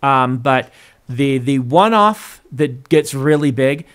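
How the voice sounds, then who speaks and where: Male host, casual chat, mid pitch; measured and thoughtful. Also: lively intonation, a bit bright, clean tone.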